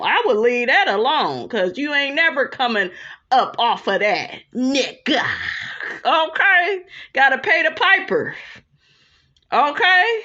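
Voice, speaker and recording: Brief: blunt, profane woman commentator, slow, bright delivery, dull lo-fi recording. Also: high voice, sing-song. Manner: blunt, profane, keeps asking "okay?". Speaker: reality TV commentator. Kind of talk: casual commentary.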